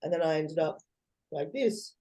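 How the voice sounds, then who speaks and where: A woman's voice: low-pitched, moderate pace. A woman, a guest in a casual interview, talking animatedly and acting out what others say. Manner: animated, acts out quoted voices, laughs often.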